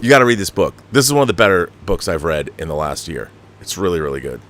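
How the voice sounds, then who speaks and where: Low-pitched and fast, a middle-aged live stream host reads viewer chats aloud in a casual, animated style, with frequent restarts, laughs, and swearing when annoyed. A little hiss or hum sits under the recording.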